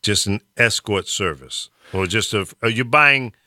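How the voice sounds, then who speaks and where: Guy in his 60s on talk radio, a bit low, bright tone, chuckles, keeps it plain. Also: a little slow, no echo, clean studio sound. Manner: cautious, laughs along, plain-spoken. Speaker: radio show host. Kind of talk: casual banter.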